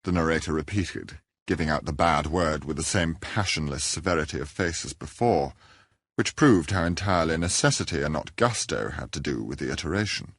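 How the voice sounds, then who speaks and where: A man narrating a classic novel in a measured, deliberate and understated way. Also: very deep voice, expressive, fairly bright tone, breathy edge, no echo, clean studio sound. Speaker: audiobook narrator.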